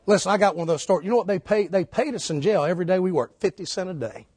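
Middle-aged male street preacher, storytelling sermon, big swings from loud preaching to quiet asides, slightly high voice, dry close sound. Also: rapid-fire, husky, dry recording. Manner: swings from shouted preaching to low hushed storytelling.

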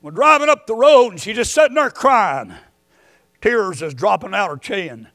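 A middle-aged man preaching a sermon, moving between quiet storytelling and shouted emphasis. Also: sits high, lively intonation, normal speed, dry recording, clean studio sound.

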